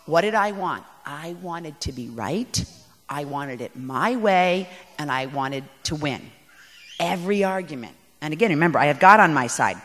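A woman giving a talk on parenting to an audience, animated, emphatic and poking fun at herself. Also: low-pitched, normal speed. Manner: animated and emphatic, self-mocking. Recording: echoey hall.

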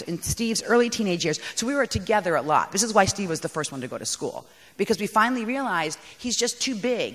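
A woman giving a talk on parenting to an audience, animated, emphatic and poking fun at herself. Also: a little high. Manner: animated and emphatic, self-mocking. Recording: echoey hall.

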